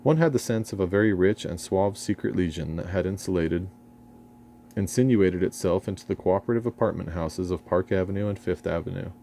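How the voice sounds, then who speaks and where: A man's voice: sits low, brisk, creaky, mellow, a little hiss or hum. An English man reading his own memoir aloud in a dry, ironic, erudite manner, sometimes stumbling over a word. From England. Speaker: memoir narrator.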